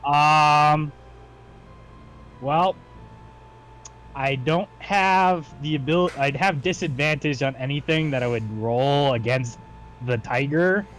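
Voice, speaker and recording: A man playing in a tabletop game over a voice call, hesitant and thinking out loud as he decides his moves. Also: fairly high pitch, slow, long pauses, faint music behind. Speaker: player. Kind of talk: casual play over a voice call.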